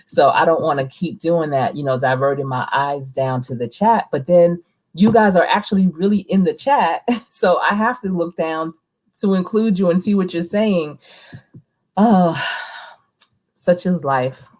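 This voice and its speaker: A woman's voice: fairly low pitch, measured pace, a little mellow. A woman hosting a casual live stream, chatting with viewers and reading their comments aloud. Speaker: livestream host, coach.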